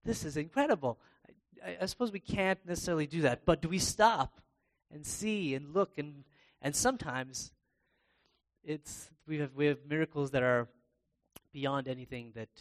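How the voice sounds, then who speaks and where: A man preaching a sermon in a conversational way, pausing and restarting as he reads scripture aloud. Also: a little high. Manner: bursts into loud, excited acted-out exclamations.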